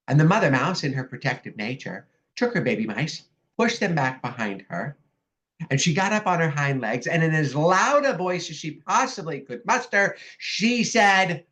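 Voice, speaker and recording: A woman life coach giving an upbeat, animated online workshop presentation over a video call. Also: deep voice, normal speed. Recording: dull lo-fi video call audio.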